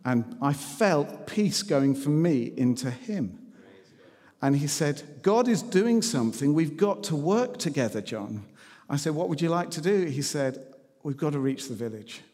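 A man's voice: fairly high pitch, animated, unhurried, darkish tone. A man telling personal stories in a sermon, conversational and self-deprecating. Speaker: preacher. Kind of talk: sermon storytelling. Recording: long reverb in a hall.

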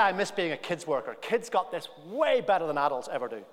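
A preacher delivers an animated sermon, building to near-shouts at his emphatic points. His voice sits high for a man. The sound carries the long reverb of a large church. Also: fairly quick, hardly any pauses. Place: big church.

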